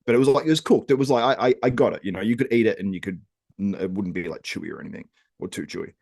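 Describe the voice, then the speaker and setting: A young man telling a lively story on a casual podcast, laughing often. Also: on the low side, rapid-fire, no echo, studio quality. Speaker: podcast host.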